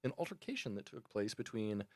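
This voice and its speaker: A young man co-hosts a podcast in laid-back chat, dry and full of fillers. His pitch moves around a lot, and the sound is dry and close. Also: big pitch swings, fairly quick, darkish tone, dry recording. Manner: low-key, dry, many fillers. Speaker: podcast co-host. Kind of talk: casual chat.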